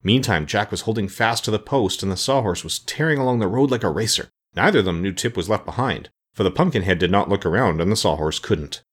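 A man reading a children's fantasy story aloud as an audiobook narrator, with expressive storytelling. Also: lowish voice, fast, few pauses, slightly rough.

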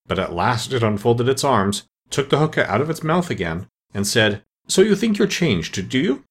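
A man reading a children's storybook aloud as narrator, in expressive, lively storytelling. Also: medium pitch, slightly rough. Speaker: audiobook narrator.

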